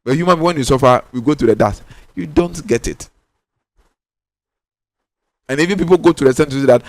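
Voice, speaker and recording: A man's voice: medium pitch, a little mellow, no echo. A man with a Ghanaian accent gives a spiritual teaching talk, emphatic and insistent, repeating his key lines for stress. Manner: insistent, drawn-out stressed words.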